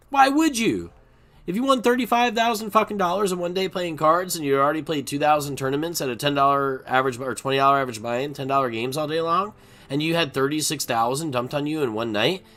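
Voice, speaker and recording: A man streaming poker and ranting unscripted, profane, swinging between mutters and shouting. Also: on the high side, brisk. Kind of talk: unscripted rant while playing online poker.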